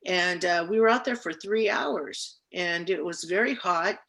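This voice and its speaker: A middle-aged woman, a labor organizer, telling her story as an interview guest in a lively, emotional way, with many pauses and fillers. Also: fairly low pitch, vocal fry. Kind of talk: conversational storytelling.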